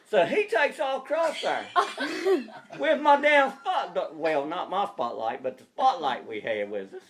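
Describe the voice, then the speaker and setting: A man's voice: sits high, unhurried, crowd noise. A man telling a hunting story to family, laughing as he goes. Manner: laughing, animated, colloquial storytelling.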